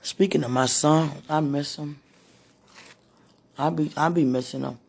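A woman with a hoarse, husky voice, worn from preaching and crying, talking casually to God in a prayerful monologue and calling out to him between sentences. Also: deep voice, steady tone, measured pace, darkish tone. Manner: talks to God aloud, breaks into moans and exclamations. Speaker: street preacher.

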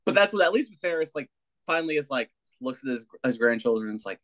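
A man's voice: mid-range voice, lively intonation, fast talker, a bit bright. A man co-hosting a casual TV review chat, talking in a laid-back, profane way and slipping into mocking quotes. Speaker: podcast co-host.

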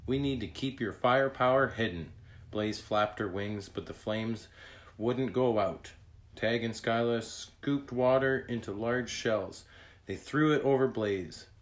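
A man narrating a children's chapter book aloud in a deliberate read-aloud manner. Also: mid-range voice. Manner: slow, deliberate reading.

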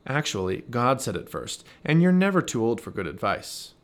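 A man's voice: mid-range voice, sing-song, normal speed, natural voice. A man voicing a sensible, fussy female squirrel in a read-aloud storybook, dry and scolding.

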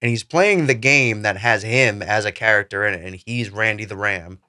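Guy gabbing about films, bright edgy voice, lowish, does little voices. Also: normal speed. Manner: animated, acts out movie scenes in voices. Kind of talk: casual movie discussion.

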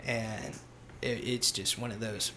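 A man's voice: on the low side, measured pace. Blunt, profane man in an echoey room. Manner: blunt, profane, animated storyteller. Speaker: interview guest, military veteran. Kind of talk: casual conversational storytelling. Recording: roomy echo, faint ambient noise.

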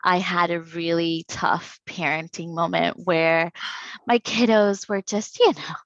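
A woman's voice: lowish voice, fairly even intonation, a little slow, no echo, lo-fi sound. A woman in her thirties talking candidly and reflectively as a podcast guest, laughing often. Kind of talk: casual conversation.

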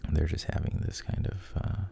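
A man softly retelling a story, unhurried, with frequent pauses and restarts. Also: slight background noise. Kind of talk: whispered storytelling.

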